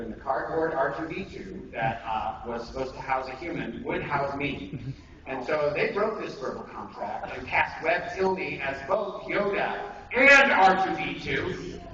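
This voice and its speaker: A male voice actor leading an acting workshop at a convention, in a joking, self-deprecating, rambling way. He is heard in an echoey, dull, noisy convention room from far off. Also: medium pitch. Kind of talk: casual convention workshop talk.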